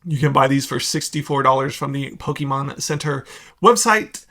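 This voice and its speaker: A man's voice: medium pitch, expressive, sharp tone. A young man hosting a card-collecting video, giving blunt, sarcastic market commentary in a casual, opinionated way. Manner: blunt, sarcastic, rapid asides.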